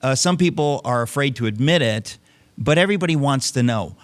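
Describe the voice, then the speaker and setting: A man's voice: mid-range voice, animated, a little fast. A man hosting a radio interview, talking emphatically with jokey asides to listeners. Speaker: radio show host.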